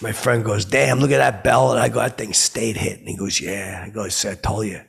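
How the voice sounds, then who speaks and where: A clueless, brash male comic who rambles through his stories and gets loud whenever he quotes himself. The voice is low and gravelly with a husky edge. A man plays him in a comedy podcast. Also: steady tone, brisk, exaggerated voice. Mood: rambling. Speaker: comedy podcast host in character. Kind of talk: rambling comic storytelling monologue.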